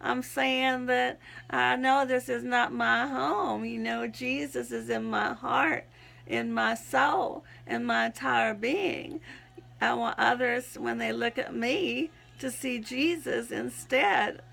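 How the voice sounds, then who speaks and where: Southern woman, 60s, slow and gravelly, earnest testimony with frequent giggles. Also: on the high side, fairly even intonation, a bit bright. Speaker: YouTube Christian vlogger. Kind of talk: personal religious testimony.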